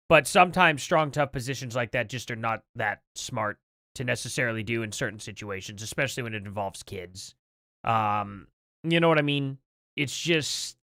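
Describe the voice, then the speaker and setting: A man hosting a livestream talks through his opinions in a rambling, conversational commentary full of fillers. His voice is medium-pitched with a sharp tone, recorded at studio quality with no echo.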